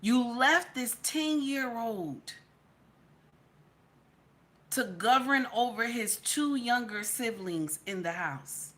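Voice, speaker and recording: Woman live-stream commentator, near tears, scolding and repetitive, sharp and forceful tone. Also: on the high side, animated, slow, pauses often. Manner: emphatic and repetitive, swings between loud scolding and quiet near-tearful talk.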